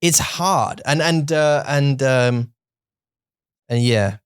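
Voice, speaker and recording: A man's voice: medium pitch, slow, smooth, no echo, studio quality. A man co-hosting a podcast in casual chat, rambling with many restarts and joking, dropping Mandarin phrases into his English. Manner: joking, self-deprecating. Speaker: podcast co-host.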